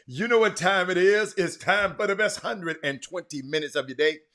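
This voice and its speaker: A middle-aged man, hosting a live sports talk stream in an animated way, full of fillers and repeats. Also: high-pitched, normal speed. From Houston, Texas. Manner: animated, talks straight to the chat, lots of fillers and repeats. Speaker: sports talk show host.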